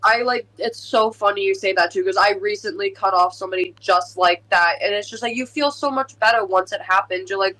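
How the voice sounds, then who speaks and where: A podcast guest talks in an easygoing, reflective way. The voice is bright and crisp, with a medium pitch. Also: fairly quick, hardly any pauses, rough recording. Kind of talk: casual podcast chat.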